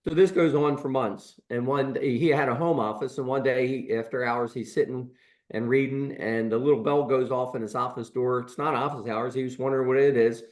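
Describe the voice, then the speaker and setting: A man's voice: medium pitch, steady tone, brisk. A man in his sixties, a chiropractor co-hosting a podcast, telling stories in a rambling, casual way with many fillers and restarts. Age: 60s. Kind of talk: casual storytelling chat.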